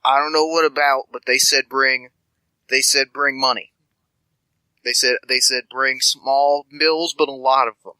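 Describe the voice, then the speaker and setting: A man's voice: medium pitch, fairly even intonation, a little slow, pushed and bright, clean tone, no echo, poor audio. A man voicing a scatterbrained, spindly male street informant who rambles and stammers affectionately. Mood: rambling.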